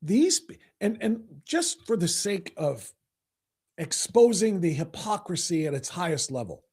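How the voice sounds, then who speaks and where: A man's voice: high-pitched, big pitch swings, unhurried, a little mellow, breathy edge. A male talk show host delivering an angry, sarcastic political rant.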